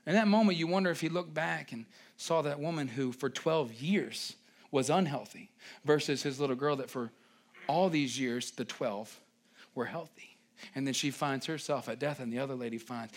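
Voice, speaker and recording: A man preaching a sermon with a slightly high voice. He talks in an animated, chatty way and turns often to speak to the congregation. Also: normal speed. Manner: animated, conversational preaching with asides to the audience.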